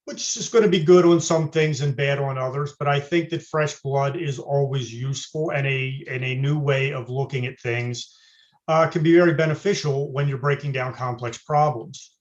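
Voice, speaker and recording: A man running for city office, answering questions over a video call in a measured, hesitant way with frequent uhs. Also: on the high side, muffled recording. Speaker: city council candidate.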